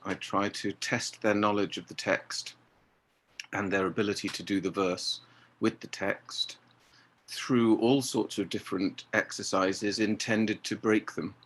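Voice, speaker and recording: A man's voice: fairly low pitch, a bit bright. A man, a theatre director speaking articulately in an interview. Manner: articulate, acts out voices in quotes. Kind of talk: interview conversation.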